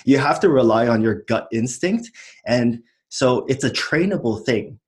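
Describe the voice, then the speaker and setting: A man's voice: mid-range voice, lively intonation, a little slow. A man in his thirties, an entrepreneur as guest, talking casually and reflectively, with frequent small laughs. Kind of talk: casual chat.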